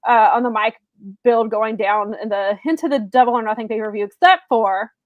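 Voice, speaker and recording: A woman's voice: on the high side, fairly quick, no room sound, phone-quality sound. A woman co-hosting a podcast, chatting casually and laughing often, with frequent restarts. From American South. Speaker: podcast co-host. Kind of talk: casual chat.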